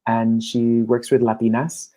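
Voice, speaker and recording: A man, a coach and guest, talking in a casual, animated interview and acting out his clients' voices. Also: medium pitch, measured pace, soft background music.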